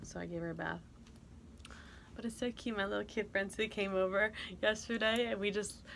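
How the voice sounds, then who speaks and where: A woman's voice: medium pitch, creaky, a bit bright, a little hiss or hum. A young woman hosting a podcast in casual, rambling chat, giggling often and cooing in a baby voice now and then. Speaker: podcast host.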